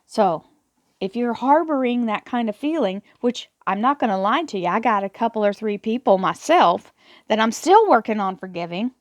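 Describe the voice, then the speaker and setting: With a fairly high, animated voice at a moderate pace, a tarot reader reads affirmations to camera and explains them earnestly and encouragingly. She tends to repeat words, and there is no echo.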